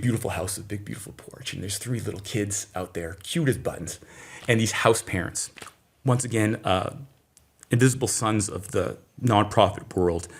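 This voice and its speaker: A middle-aged man from Maine, an interview guest, telling a personal story in a lively way and acting out the voices of people in it. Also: lowish voice. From Maine, USA. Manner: animated storyteller who acts out quoted voices. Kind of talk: storytelling in conversation.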